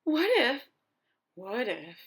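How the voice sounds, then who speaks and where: A woman's voice: a little high, sing-song, a bit bright, slightly rough, exaggerated voice. A woman voicing a fretful, dramatic young elephant who keeps stammering and sneezing, in a storybook reading. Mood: worried, dramatic. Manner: slow, halting, prone to sneezing fits. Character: anxious elephant boy, dramatic and worried.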